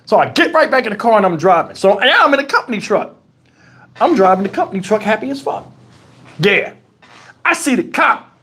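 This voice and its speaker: A man with a fairly high voice tells a story live to his viewers. He is loose and profane, and he jumps into the voices of the people he quotes. It sounds like a close clip-on mic. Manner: animated, profane, acts out quoted dialogue. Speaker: livestream host. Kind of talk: casual storytelling to a live chat. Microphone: wireless lavalier.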